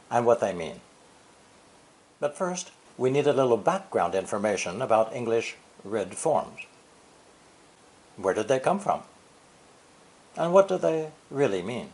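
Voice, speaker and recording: Older man teaching with lively intonation. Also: medium pitch. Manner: deliberate, stressing key words with sweeping intonation. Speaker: English teacher. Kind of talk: scripted explanatory lesson.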